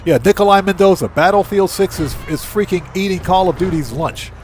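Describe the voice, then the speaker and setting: A man's voice: high voice, brisk, slight background noise. A man hosting a live gaming stream, chatting casually, greeting viewers by name, and breaking into emphatic rants. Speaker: livestream gaming host.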